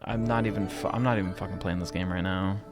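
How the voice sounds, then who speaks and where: A man's voice: deep voice, steady tone, quick pace, over loud music. A man streaming a game, rambling casually, swearing often and riffing on silly name puns. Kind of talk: casual live-stream chatter while gaming.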